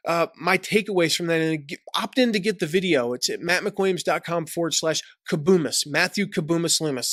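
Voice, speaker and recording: An energetic man coaches his viewers on online business, cracking jokes and mimicking people with quick repeated phrases. His voice sits fairly high. The recording is close and dry. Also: dry recording. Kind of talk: direct-to-camera tips video.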